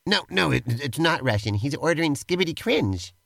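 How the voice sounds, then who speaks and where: An upbeat man hosts comedy banter in a slightly high, gravelly voice. His pitch bounces widely as he playfully pushes his partner around. He sounds teasing and improvised. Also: big pitch swings, moderate pace, fairly bright tone, dry recording. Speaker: co-host.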